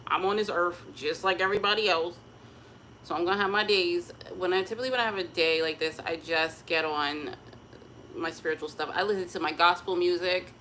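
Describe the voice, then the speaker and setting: A woman chatting casually to camera at home, expressive and open about her feelings. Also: fairly low pitch, a little fast, a little hiss or hum. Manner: chatty and emotionally expressive, breaks into gospel singing. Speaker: vlogger.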